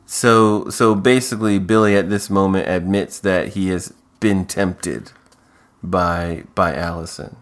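A man's voice: deep voice, fairly even intonation, unhurried. A man co-hosting a podcast, recapping a TV episode with sarcastic, swearing jokes. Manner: sarcastic, swears for comic effect. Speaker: podcast co-host. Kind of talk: casual recap chat.

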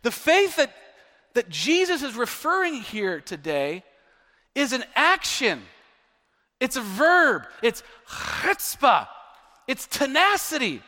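A male pastor preaching a sermon with emphasis, often repeating words as he builds to near-shouting. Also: extremely high pitch, sing-song, slow, long reverb tail.

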